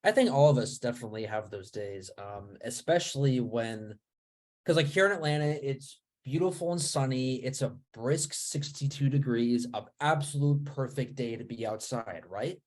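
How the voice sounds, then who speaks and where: A man who is an actor, co-hosting a podcast in a relaxed, easygoing chat. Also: medium pitch, normal speed. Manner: relaxed, easygoing, laughs often. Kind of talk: casual chat.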